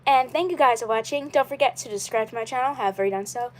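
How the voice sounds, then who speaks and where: A woman with a fairly high voice talks on her own live stream in a loose, casual way. She rambles and circles back, repeating the same phrases again and again. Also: fast talker. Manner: rambling and repetitive. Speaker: channel host.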